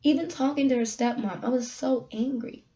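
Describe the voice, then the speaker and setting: A woman giving a candid, emotional personal message, moving between soft, quiet lines and loud, emphatic ones. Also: sits high, normal speed, highs cut off. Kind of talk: heartfelt personal talk, sermon-like.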